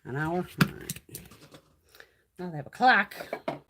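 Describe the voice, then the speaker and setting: A woman's voice: fairly low pitch, animated, a little slow, very noisy. A woman beauty vlogger chatting casually on a live stream while doing her makeup, blunt and full of swearing.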